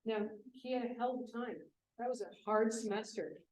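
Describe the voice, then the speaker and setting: A woman speaking at a business event, telling a lively classroom story in a conversational way. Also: on the high side, moderate pace. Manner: animated, conversational, voices quoted students. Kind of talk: storytelling talk. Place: event room. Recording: echoey room from a distant mic with faint hiss.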